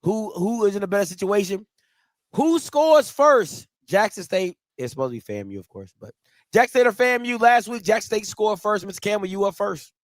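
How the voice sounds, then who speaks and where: A man hosting a sports talk show, leading each segment with lively questions and his own picks. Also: sits high, fairly quick, no room sound. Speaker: host.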